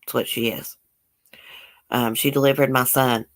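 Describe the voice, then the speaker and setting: A woman's voice: a bass voice, steady tone, measured pace. A woman with a broad Southern country accent hosts a casual livestream, reading out and answering viewer comments. She is blunt and outspoken, swears without hesitation, and has a folksy, drawling way of speaking. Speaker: YouTube livestream host.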